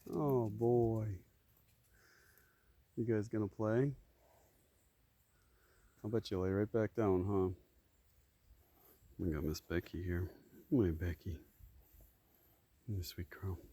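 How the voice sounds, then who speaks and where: A man chatting softly to his farm animals outdoors, doting and coaxing, filmed on a phone. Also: on the low side, takes it slowly, long pauses. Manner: soft, doting, coaxing baby talk. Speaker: farmer talking to his animals. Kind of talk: casual chat to animals. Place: outdoors on a farm, shady pasture.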